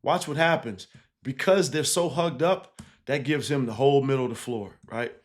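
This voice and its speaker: A man, a basketball coach, casually breaking down game film, animated and laughing easily, tagging points with 'right?'. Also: mid-range voice, normal speed. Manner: animated, keeps checking in with 'right?' and 'again'; laughs easily while explaining.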